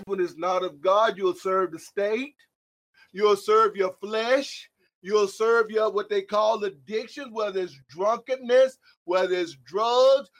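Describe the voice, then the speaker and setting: A man preaching a sermon, shouting some lines and dropping others to a hush, calling out to listeners by name. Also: very high-pitched. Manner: shouting emphatic lines, swinging between loud and hushed.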